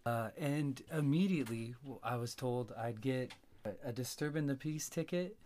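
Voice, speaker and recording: A man telling a long story in casual talk, cursing freely and getting animated. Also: medium pitch, normal speed. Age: adult with a young child. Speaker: podcast host.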